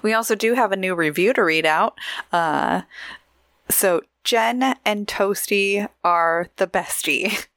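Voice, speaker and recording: A woman co-hosting a podcast in casual chat, giggly and chatty, reading out shout-outs and promos. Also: medium pitch, takes it slowly, dry recording, clean studio sound. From Oregon, USA. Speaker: podcast co-host.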